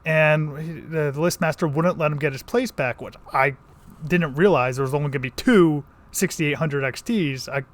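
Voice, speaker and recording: Guy from connecticut rambling thru a vlog story, kinda high voice, lots of like and restarts. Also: moderate pace. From Connecticut countryside. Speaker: vlogger.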